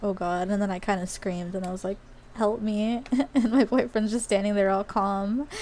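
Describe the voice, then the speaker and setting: A woman's voice: mid-range voice, a little mellow. A woman from Australia who streams games live, talking in a casual, rambling way with many fillers and asides. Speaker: game streamer. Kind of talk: casual live-stream chat while gaming.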